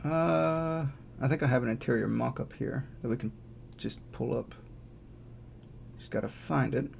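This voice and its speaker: Drawing on a live stream, this game developer talks a little slowly in a mid-range voice with vocal fry, and there's slight background noise. He thinks aloud in a relaxed way and responds to chat by reading messages out.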